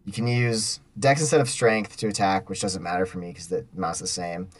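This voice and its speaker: A man's voice: low voice, steady tone, brisk. A man playing a tabletop role-playing game, talking casually and thinking aloud with fillers. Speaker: player.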